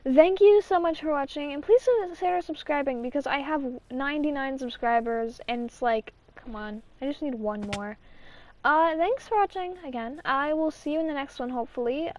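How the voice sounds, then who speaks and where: Woman, high-pitched, casual storytime vlog host, rambling, restarts sentences. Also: normal speed, a little mellow. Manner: rambling, with restarts and acted-out quotes. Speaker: channel host.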